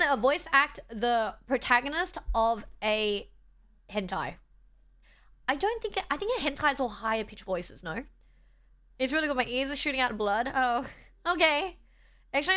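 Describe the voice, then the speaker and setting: Brief: young woman, high and bright, chatty live-stream host, a bit travel-worn. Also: sing-song, moderate pace. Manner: chatty, reads chat aloud, self-deprecating. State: tired from travel. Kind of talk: casual live-stream chat.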